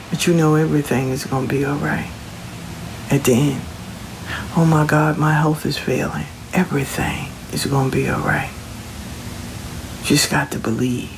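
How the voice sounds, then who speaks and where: A man's voice: mid-range voice, steady tone, normal speed, long pauses, background noise. A man giving a casual, colloquial spiritual pep talk, reassuring the listener and repeating his phrases. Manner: colloquial, slangy. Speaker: motivational speaker.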